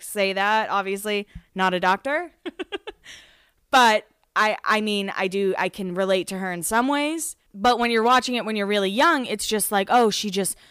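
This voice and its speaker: Woman podcast host rambling through a recap, smooth clear voice, lots of likes, dry close sound. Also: mid-range voice, fairly bright tone, dry recording. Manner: chatty, lots of "like" and restarts. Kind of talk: casual recap chat.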